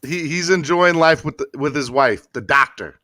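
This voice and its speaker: Excitable man hosting a live sports podcast. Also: on the high side, moderate pace, no room sound, clean studio sound. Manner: excitable, emotional, lots of fillers and restarts. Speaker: podcast host. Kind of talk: casual live-stream chat.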